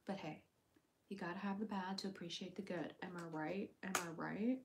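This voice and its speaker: A woman's voice: steady tone, brisk, heavy background noise. A woman hosting a casual livestream, reading viewer comments aloud in a playful, chatty way. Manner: jumps to a high baby voice when calling her cat. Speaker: livestream host.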